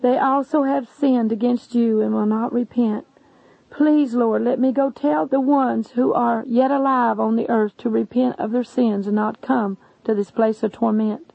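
A woman's voice: fairly high pitch, steady tone, unhurried, gravelly, no echo. A woman voicing a tormented man in hell, pleading and sobbing for mercy. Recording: dull lo-fi recording.

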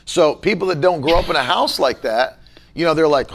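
A man leading a casual Bible-study chat as pastor, talking forcefully and emphatically. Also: on the high side, fairly quick, creaky, slight background noise.

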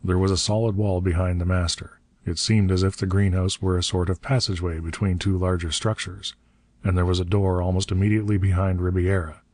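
A man reading an adventure story aloud as an audiobook narrator, steady and measured. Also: sits low, dry recording.

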